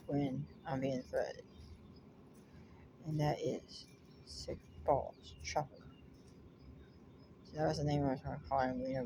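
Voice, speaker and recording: Rambling storyteller, "you know" every breath. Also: medium pitch. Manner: halting, constantly saying "you know", many restarts. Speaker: dog owner telling a personal story. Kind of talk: casual rambling anecdote. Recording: clear background noise and ambience.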